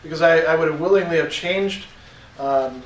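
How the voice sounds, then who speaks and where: A man's voice: fairly high pitch, moderate pace, a little hiss or hum. A man teaching a college philosophy class in a casual, conversational way, reading passages aloud and explaining them to students. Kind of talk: classroom lecture. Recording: roomy classroom from a distance with faint ambience.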